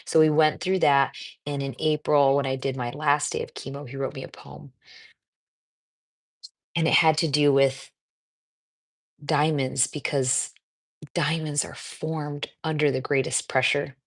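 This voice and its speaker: A woman's voice: deep voice, little pitch movement, measured pace, pauses often. A middle-aged American woman hosting a livestream as a cancer coach, reading viewer comments and talking in a chatty, encouraging way with lots of fillers. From United States.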